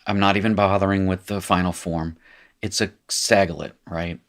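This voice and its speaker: A man's voice: low-pitched, fairly even intonation, moderate pace. A man teaching a live recorded language lesson, chatty and jokey, correcting himself as he goes.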